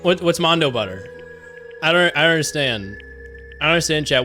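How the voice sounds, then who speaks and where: A young man livestreaming a game, his voice bright and sharply edged, leaping up and down as he fires off baffled, profane questions at chat. Faint game music sits underneath him. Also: fairly high pitch, a little fast, long pauses. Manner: animated, incredulous and profane, talking straight to chat. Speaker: Twitch streamer. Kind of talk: live gameplay commentary.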